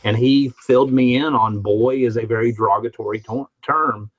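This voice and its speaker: A man's voice: mid-range voice, fairly even intonation, normal speed, muffled recording. A man from the Midwest hosting a casual live-stream chat, telling stories with many restarts and reading out viewer comments. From Midwest of the United States. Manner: rambling storyteller with frequent restarts.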